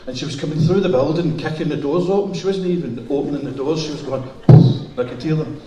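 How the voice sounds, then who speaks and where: Fast and high-voiced, a middle-aged man with a Glaswegian Scottish accent performs stand-up in a music hall, spinning bawdy, profane stories. Heavy background noise fills the distant, roomy recording.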